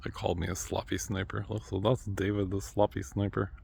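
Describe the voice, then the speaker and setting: A man talking in a rambling monologue who trails off quietly, then breaks into sudden loud outbursts. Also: deep voice, flat delivery, fairly quick, vocal fry, slight background noise.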